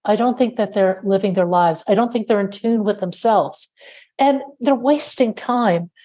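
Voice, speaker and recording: A woman's voice: mid-range voice, normal speed, dark tone. A woman hosting a podcast, talking in an earnest, reflective way during a casual interview. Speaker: podcast host.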